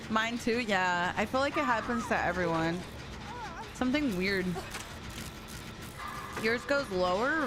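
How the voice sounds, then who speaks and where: A young woman chats casually with her viewers while she plays, laughing easily and moving back and forth between English and Spanish. Her voice sits at a middling pitch for a woman. Music plays clearly underneath her the whole time. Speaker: game streamer. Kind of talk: casual live-stream chat while gaming. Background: background music.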